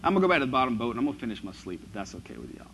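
A man's voice: medium pitch, very animated, rapid-fire, a bit bright, slight background noise. A preacher playing Jesus as a drowsy, annoyed man woken from a nap, speaking in a laid-back, slangy way. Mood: exasperated.

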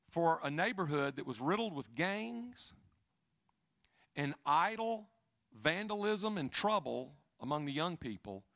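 A middle-aged man preaching, telling stories in an animated way that swings between hushed asides and loud, emphatic bursts. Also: a little high, no echo, studio quality. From Chattanooga, Tennessee. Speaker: pastor. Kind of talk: sermon storytelling.

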